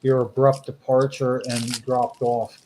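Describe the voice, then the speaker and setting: A man's voice: mid-range voice, little pitch movement, a little slow, darkish tone, a little hiss or hum, rough recording. A man co-hosting a podcast, chatting loosely on a video call with plenty of fillers and restarts. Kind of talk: casual chat on a video call.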